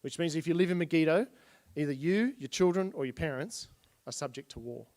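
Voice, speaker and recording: A man's voice: a little high, animated, brisk, a little mellow. Chatty man teaching Bible history. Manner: chatty, retells stories in plain everyday speech, pointing at slides. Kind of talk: casual illustrated Bible history lesson.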